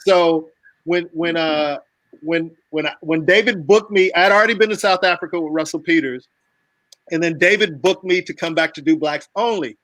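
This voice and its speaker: American guy, high bright voice, cussing and laughing through stories on a video call. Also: moderate pace, no echo, poor audio. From United States. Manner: animated, swearing, laughs a lot while telling stories. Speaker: host. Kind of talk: casual storytelling chat.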